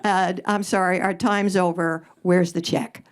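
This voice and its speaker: An older woman who hosts a radio advice show takes audience questions at a live stage Q&A, her voice fairly low, unhurried and fairly flat in pitch. She's blunt and sarcastic, swearing casually and landing punchy jokes.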